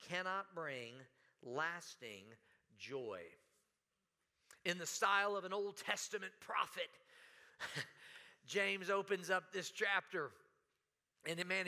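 A man preaching a sermon in a church, animated, breaking into sudden shouts and dramatic quoted lines. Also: sits high. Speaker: pastor. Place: church sanctuary.

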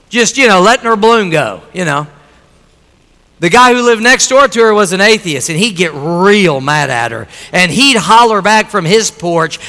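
A man preaching a sermon in a high, bright voice. He moves between easy storytelling and loud, emphatic appeals. The sound carries a long reverb, as in a church hall. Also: clean tone.

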